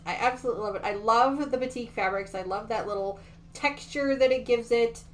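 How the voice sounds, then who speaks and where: A woman's voice: on the high side, a little fast. A woman hosting a quilting livestream, chatting casually and gushing over her projects while answering viewers. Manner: gushing and chatty, reads viewer comments aloud.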